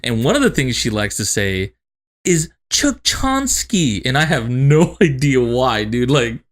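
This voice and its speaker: A man co-hosting a casual podcast, telling family stories between bursts of laughter and lots of swearing. His voice sits at a middle pitch, and he acts out the people he quotes. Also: sing-song, a little slow. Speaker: podcast co-host. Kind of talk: casual chat.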